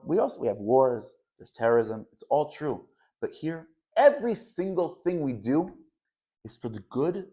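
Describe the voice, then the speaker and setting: A man teaching a Torah lesson to camera, talking with passion and swinging between loud emphasis and quiet asides, with Hebrew and Yiddish words mixed into his English. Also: sits high.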